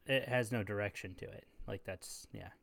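Male podcast co-host, laid-back sidekick, short agreeing replies, halting opinions; slight background hiss. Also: lowish voice, creaky. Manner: short agreeing replies, hesitant restarts when giving opinions. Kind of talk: casual chat.

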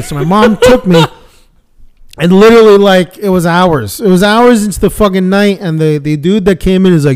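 A man's voice: high-pitched, moderate pace, smooth. Foul-mouthed young man telling a story. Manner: swears constantly, animated retelling with voiced quotes. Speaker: podcast co-host. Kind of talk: casual storytelling chat.

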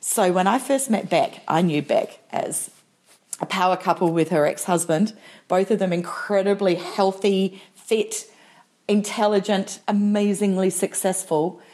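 A woman's voice: mid-range voice, unhurried, darkish tone. A middle-aged woman co-hosting a podcast in casual, frank chat, stressing her points and acting out what others say. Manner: frank, emphatic, acts out quoted voices. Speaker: podcast co-host.

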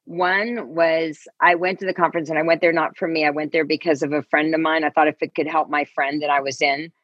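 Guest: middle-aged woman, low husky voice, lively storyteller, muffled earbud call. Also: fairly quick, no room sound. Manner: animated, acts out quoted voices. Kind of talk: casual interview storytelling.

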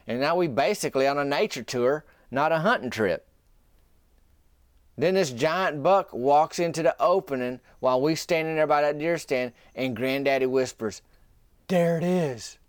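A man's voice: on the high side, moderate pace, clear, resonant tone, no room sound, clean studio sound. Folksy man telling a story. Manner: folksy, rambling, drops into a whisper at times. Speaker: podcast host. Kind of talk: casual storytelling monologue.

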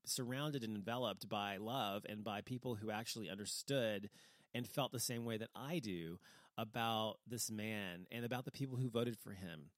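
A man's voice: fairly low pitch, moderate pace, dry recording. A man giving a casual opinion monologue, rambling and heated, swearing freely and restarting his sentences a lot. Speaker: vlogger. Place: lives in Dallas, Texas.

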